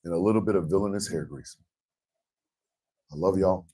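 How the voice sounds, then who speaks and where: A very deep-voiced American man hosts a morning radio show, talking in a blunt, impassioned rush. His words are heavily profane. He sits slightly back from the microphone. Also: moderate pace, dark tone, far from the mic, low-quality recording. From United States.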